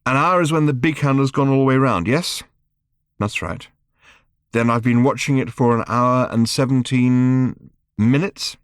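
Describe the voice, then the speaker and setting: A man voicing an angry, explosive young girl raised far from Earth, who bursts into shrill shouting. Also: a little slow, smooth, no room sound, clean studio sound, natural voice. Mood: curious.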